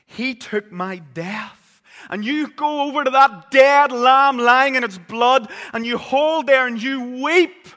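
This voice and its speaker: A man preaching a sermon, telling the story vividly and swinging between loud, urgent passages and hushed ones. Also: very high voice, fairly even intonation, a little slow, hardly any pauses. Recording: long reverb of a large hall.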